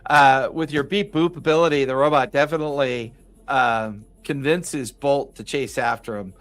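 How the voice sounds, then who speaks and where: A man's voice: mid-range voice, moderate pace, fairly bright tone. A man narrating a tabletop role-playing game as game master over a voice call. He laughs often and fills his narration with ums and uhs. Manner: chuckling, loose, filler-heavy narration.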